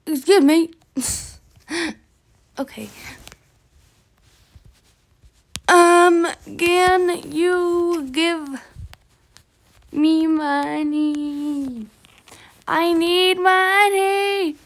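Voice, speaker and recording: A woman's voice: sits high, extremely slow, pauses often, full character voice. A woman voicing a whiny broke girl in a game role-play skit, pleading for money with dramatic groans.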